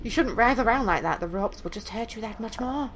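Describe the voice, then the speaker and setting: A woman doing a falsely gentle young male psycho. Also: on the high side, lively intonation, a little fast, a little hiss or hum, lightly acted. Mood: creepy, gentle.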